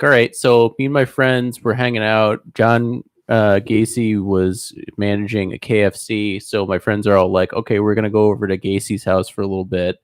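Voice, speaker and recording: A young man co-hosting a podcast, telling stories in casual chat and acting out quotes in squeaky put-on voices. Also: dry recording. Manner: animated storyteller, acts out quotes in high voices, laughs often. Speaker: podcast co-host.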